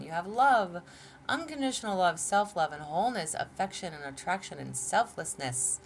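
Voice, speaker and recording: A woman's voice: medium pitch, big pitch swings, normal speed, slight background noise. A woman hosting a casual tarot reading from home, chatty, laughing often and saying y'all. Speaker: tarot reader, channel host.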